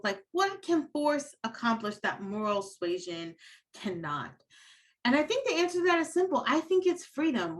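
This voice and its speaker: A woman giving an academic lecture over a video call, animated, laughing often and paraphrasing historical figures aloud. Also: a little high. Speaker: guest lecturer. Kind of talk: academic lecture at a virtual event. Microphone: computer mic on a video call.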